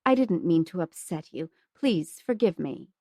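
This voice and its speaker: A woman voicing a stern, flustered young nun who scolds in a shrill voice, read as an audiobook. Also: animated, measured pace, mellow, no echo, studio quality. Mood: apologetic. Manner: scolding, shrill when cross.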